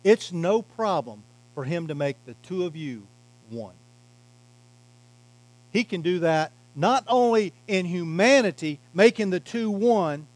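A man preaching a sermon as pastor, emphatic, swinging from loud to quiet and slowing on key words. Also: sits high, animated, dry recording, low-quality recording. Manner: emphatic preaching, varying loudness and pace.

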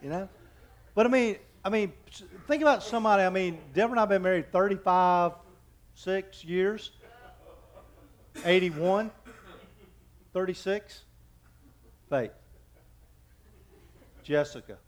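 A man in his fifties preaching a sermon as pastor, telling folksy, joking anecdotes and often stopping to restart his sentences. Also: high-pitched. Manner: halting, with frequent restarts.

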